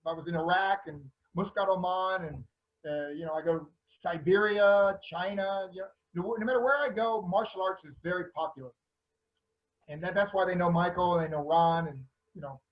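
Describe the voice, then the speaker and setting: A man with a Southern accent and a notably high voice, chatting in an animated way with the odd laugh. His sound comes through a video call and is somewhat muffled. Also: normal speed. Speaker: panelist, martial arts actor. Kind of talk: casual panel talk.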